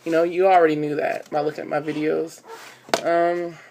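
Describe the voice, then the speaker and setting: A woman's voice: low voice, little pitch movement, normal speed, warm tone. A young woman vlogging casually into her phone camera, rambling with lots of fillers. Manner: chatty, rambling with many fillers.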